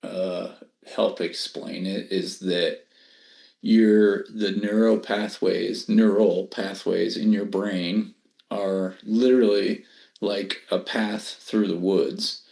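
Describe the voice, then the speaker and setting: A man in a casual Bible study discussion, explaining things slowly and deliberately. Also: sits low, fairly even intonation, gravelly, darkish tone, roomy sound.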